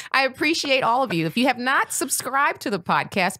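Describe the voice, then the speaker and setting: Woman, podcast host, very animated pitch, bubbly, laughs often, dry close sound. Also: normal speed, no room sound. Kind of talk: casual podcast chat.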